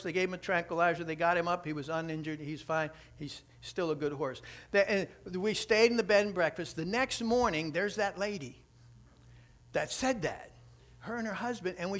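A man preaching through an animated, conversational story. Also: high voice. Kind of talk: sermon storytelling.

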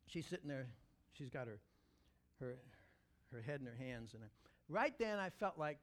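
A man, a pastor, telling a story in a sermon, animated and acting out the scene. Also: medium pitch, moderate pace, long pauses.

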